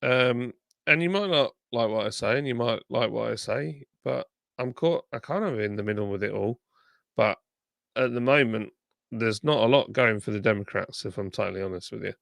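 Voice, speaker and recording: Male streamer, mid-pitched and gravelly, casual chat-reading host with a slightly sore tongue. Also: moderate pace, a bit bright, no room sound. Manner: chatty, reads viewer comments aloud, thanks subscribers. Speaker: livestream host.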